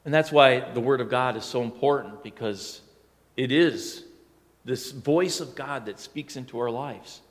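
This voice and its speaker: A man's voice: mid-range voice, a little slow, big-room sound. A male pastor preaching a sermon in a conversational, storytelling way that now and then swells into emphatic lines.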